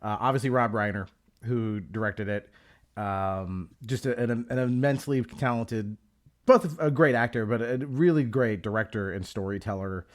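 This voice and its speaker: A man's voice: fairly low pitch, normal speed. A middle-aged man hosting a podcast, talking in a reflective, enthusiastic way with a lot of "like" fillers. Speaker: podcast host. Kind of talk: casual chat.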